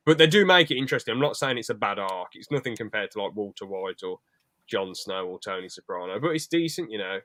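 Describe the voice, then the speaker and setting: Male podcast co-host, slightly low voice, loose rambling chat, dry recording. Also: expressive, fast, bright, forceful tone, no room sound. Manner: rambling, sweary, jokey asides. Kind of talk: casual chat.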